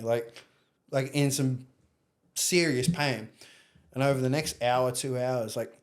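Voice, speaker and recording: A young adult man with an Australian accent tells his story as a podcast guest. He talks candidly and rambles, with plenty of swearing. His voice sits at an ordinary middle pitch. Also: normal speed. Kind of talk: casual storytelling interview.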